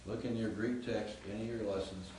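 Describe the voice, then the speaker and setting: A Greek professor gives an informal, explanatory grammar lecture, frequently checking in with his students. His lowish voice is steady, mellow and fairly quick. He's far from the mic in an echoey classroom with faint hiss.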